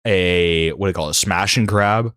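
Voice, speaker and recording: A man's voice: low-pitched, moderate pace, fairly bright tone, smooth, no echo, studio quality. A man hosting a livestream, talking in a casual, rambling monologue full of fillers and restarts. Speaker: livestream host.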